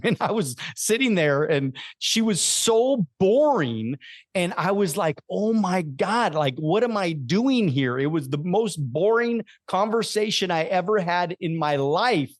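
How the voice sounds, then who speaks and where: A man hosting a podcast in casual conversation, animated and emphatic, often checking in with his guest. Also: high-pitched, no echo, studio quality. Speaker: podcast host.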